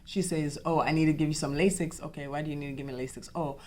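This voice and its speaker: A young woman hosting a podcast, telling a personal story in an animated way, acting out the dialogue and often repeating herself. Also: sits low, quick pace. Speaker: podcast host.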